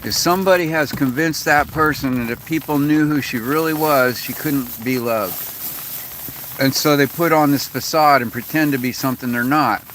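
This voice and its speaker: A man's voice: mid-range voice, normal speed, fairly bright tone, slight background noise. Foul-mouthed ranting man. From United States. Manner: profane, rambling, frustrated venting. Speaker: vlogger. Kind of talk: casual rant to camera.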